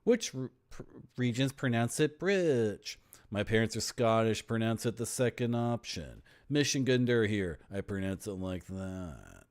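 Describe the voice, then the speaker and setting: A man's voice: on the low side, very animated, a little slow. A man from Toronto, playfully reading game text and rambling as a streamer. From Toronto, Canada. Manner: playful, rambling, toys with words. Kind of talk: gameplay commentary, reading game text aloud.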